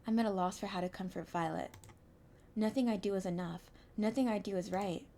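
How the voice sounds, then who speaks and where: A young woman streamer reading a visual novel aloud, with expressive, anxious narration and small stumbles. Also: medium pitch, fairly quick.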